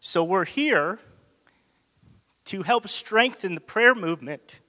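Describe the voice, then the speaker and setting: A man's voice: high-pitched, slow pace. A man preaching a sermon, telling a story animatedly and acting out the dialogue. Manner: animated, acts out quoted dialogue. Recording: long hall reverb.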